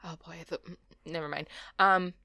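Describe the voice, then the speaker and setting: A woman's voice: fairly low pitch, steady tone, normal speed, gravelly, bright, forceful tone, no room sound. A woman hosting a gaming channel, chatting casually in a voice-over over a building video. She rambles and jokes at her own expense. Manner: rambling and self-mocking, with frequent laughs and tangents.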